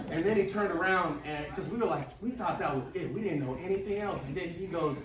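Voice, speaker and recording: A man's voice: high voice, fairly quick, noisy background. A man doing stand-up, telling a wild profane story and acting out shrieking characters. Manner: animated, loud, profane, acts out shrieking characters. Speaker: stand-up comedian. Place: comedy club stage. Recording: roomy club from a distance with crowd. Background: audience laughter.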